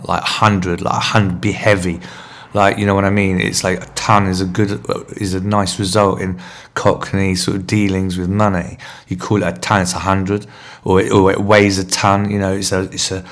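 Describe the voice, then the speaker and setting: A man hosting a podcast, telling a candid, rambling personal story in a confessional monologue. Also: deep voice. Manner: rambling, candid, self-searching. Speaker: podcast host.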